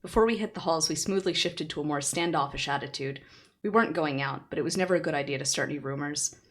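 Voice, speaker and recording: Lowish-voiced girl streamer reading a novel out loud, chatty, laughs a lot. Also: quick pace. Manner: chatty, laughs often, answers chat.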